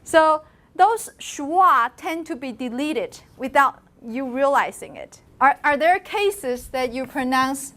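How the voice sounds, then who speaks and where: Middle-aged lecturer, female, high voice, lively, models sounds for her students. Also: takes it slowly. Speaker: university lecturer. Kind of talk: classroom lecture on phonology. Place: lecture classroom.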